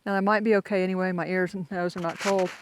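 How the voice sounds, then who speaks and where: A man's voice: high-pitched, flat delivery, quick pace, very noisy. Chatty older man hiking a trail. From Florida. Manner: chatty, self-mocking, rambling. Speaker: hiker vlogger. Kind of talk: casual vlog while hiking. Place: outdoors on a foggy mountain trail. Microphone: handheld phone camera.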